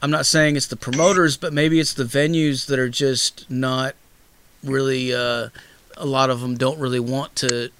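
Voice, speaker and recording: A man's voice: medium pitch, little pitch movement, normal speed, a bit bright, a little hiss or hum. A man hosting a casual interview, rambling and swearing freely with lots of fillers. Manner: loose, profane, rambling with many fillers. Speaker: host.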